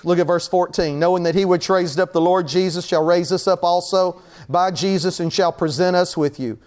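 A man with a high, light voice preaches to his congregation in a church. He talks like he's chatting with them and acts out everyday scenes, then builds into fervent, repeated calls. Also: fairly even intonation, moderate pace, darkish tone. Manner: conversational preaching with acted-out scenes, rising to fervent repetition. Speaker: pastor. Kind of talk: sermon.

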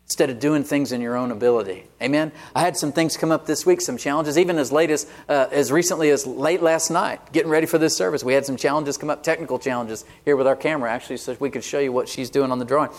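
A man's voice: medium pitch, fast talker, hardly any pauses. A man preaching a sermon as pastor, conversational and often asking the congregation "Amen?". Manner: call-and-response "Amen?" asides, conversational.

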